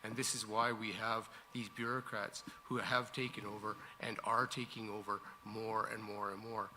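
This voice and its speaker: Emphatic male candidate with a sharp voice. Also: lowish voice, flat delivery, normal speed, slight background noise. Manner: emphatic, repetitive. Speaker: election candidate. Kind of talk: debate answer. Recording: reverberant hall.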